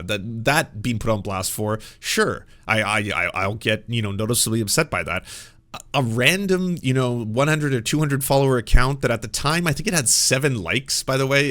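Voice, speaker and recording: Man, streamer, casual commentary rant, impassioned, profane, bright voice. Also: medium pitch. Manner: impassioned, profane, builds to yelling.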